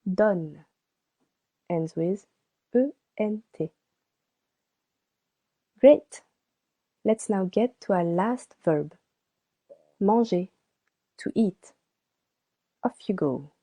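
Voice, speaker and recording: A woman teaching a beginner French lesson, slowly spelling out and repeating each word for practice. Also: lowish voice, warm tone. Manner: slow and deliberate, repeats words for practice. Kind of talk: slow scripted language lesson.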